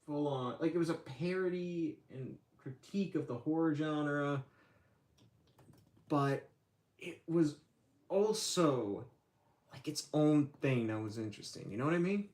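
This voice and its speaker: A man's voice: a little high, unhurried, a little mellow. A man hosting his own livestream, chatting casually with lots of fillers and restarts. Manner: rambling, hesitant, many fillers. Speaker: channel host.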